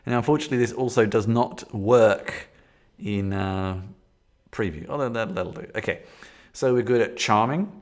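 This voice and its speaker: A man's voice: on the low side, normal speed. A man casually thinking aloud as he sets up a solo tabletop game on a stream, rambling with frequent fillers and restarts. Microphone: desktop setup with camera.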